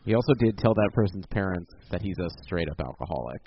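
A man's voice: low voice, animated, fast. A man co-hosting a podcast in casual chat, laid-back and casually swearing. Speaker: podcast co-host. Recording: dull lo-fi sound with faint noise.

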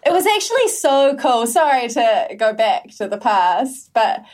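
A woman's voice: a little high, sing-song, measured pace, darkish tone. A woman, chatting enthusiastically on a podcast panel and asking eager questions. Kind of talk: casual chat.

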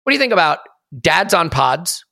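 Bright-voiced podcast host, dry sound. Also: male voice, fairly high pitch, big pitch swings, vocal fry, no echo. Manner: joking, self-mocking, quick. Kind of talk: casual podcast chat and ad reads.

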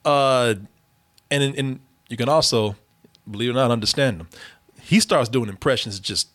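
A man's voice: medium pitch, moderate pace, fairly bright tone. A man co-hosting a podcast, ranting in an exasperated, profane, repetitive comedic way. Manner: exasperated, repetitive, swears freely. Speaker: podcast co-host reviewing a movie.

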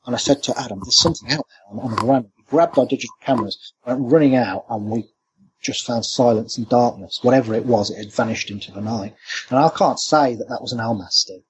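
A man, a cryptozoologist guest, telling stories in an animated, anecdotal way during an interview. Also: medium pitch, fast, a little hiss or hum. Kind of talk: storytelling interview. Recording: dull lo-fi remote line.

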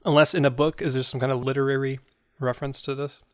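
A man in a casual podcast chat cracks dry jokes while weighing answers. His voice sits at an ordinary middle pitch. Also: little pitch movement, fast, clean tone. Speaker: podcast co-host.

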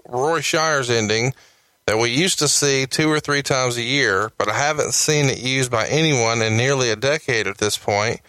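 Brief: male co-host, bright forceful tone, measured delivery, dry close sound. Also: mid-range voice, no echo. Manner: measured, reads out press quotes. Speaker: podcast co-host. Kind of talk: reading quotes and commentary.

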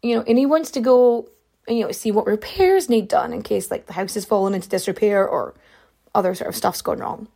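A woman's voice: mid-range voice, a little fast, creaky, dark tone. A woman casually telling a true crime story, rambling with fillers and side remarks. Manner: chatty, rambling, lots of fillers and asides.

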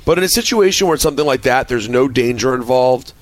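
A man co-hosting a radio show in casual banter, expressive and probing with exasperated asides. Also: mid-range voice, quick pace, no room sound. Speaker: radio co-host.

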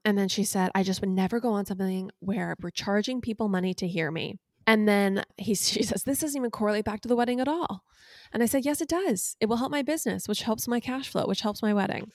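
Young woman, podcast co-host, animated storyteller, acts out the quotes, mid pitch, dry close sound. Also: fast, no room sound. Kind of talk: casual chat.

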